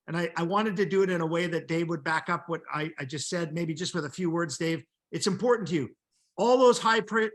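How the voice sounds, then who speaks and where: A man hosting a live video call, explaining company rules steadily and point by point. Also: high-pitched. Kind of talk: explanatory business talk.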